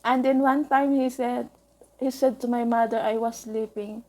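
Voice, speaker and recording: A woman telling a painful personal story in halting, emotional bursts, with frequent restarts. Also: a little high, steady tone, a little mellow, low-quality recording. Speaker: vlogger.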